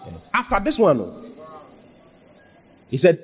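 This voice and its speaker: Husky-voiced preacher in an echoing hall. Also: male voice, a little high, big pitch swings, normal speed, pauses often, darkish tone. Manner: emphatic, repeats phrases, asks the congregation questions. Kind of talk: sermon. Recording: reverberant hall.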